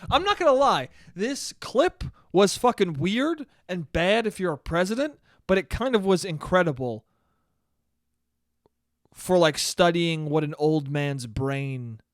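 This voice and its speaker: A young man hosts a solo podcast, rambling casually and swearing as he jokes along. His voice is high and smooth. The recording is close and dry, with no room sound. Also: no room sound. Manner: profane, rambling, joking. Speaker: podcast host.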